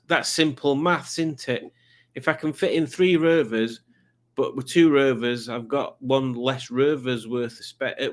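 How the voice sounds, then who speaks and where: A man hosting a live stream, reading viewer comments in a rambling, playful, self-deprecating way. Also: mid-range voice.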